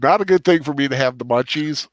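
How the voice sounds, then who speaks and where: A man's voice: mid-range voice, fast, no room sound. A young man hosting a livestream in casual, joking chat, often slipping into silly voices. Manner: playful, jokey, drifts into mock whispers and silly voices. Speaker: livestream host.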